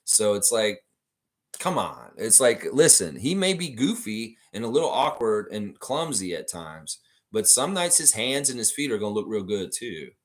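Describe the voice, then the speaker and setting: This man hosts a fan livestream in a fairly low-pitched voice at an ordinary pace. Casual and profane, he goes on animated rants, reads viewer comments aloud and talks straight to the people watching.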